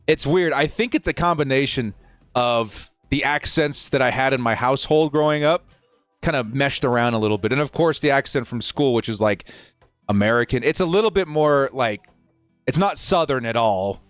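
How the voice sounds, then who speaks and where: A man's voice: mid-range voice, animated, moderate pace, fairly bright tone, dry recording, soft background music. A young man casually chatting with his viewers while hosting a live football watch-party stream, answering their questions in a laid-back way.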